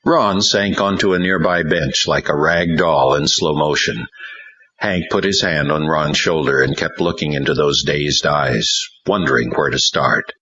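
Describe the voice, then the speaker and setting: Deep, slow, husky male narrator. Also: sharp tone. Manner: dramatic storytelling. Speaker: audiobook narrator. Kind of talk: scripted narration. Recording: dull lo-fi recording.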